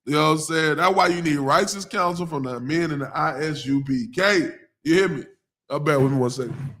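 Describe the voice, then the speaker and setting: Southern male preacher, fairly high and forceful, loose slang, slows way down on scripture. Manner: casual street slang, laughs often, reads verses slowly. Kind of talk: live-streamed scripture teaching.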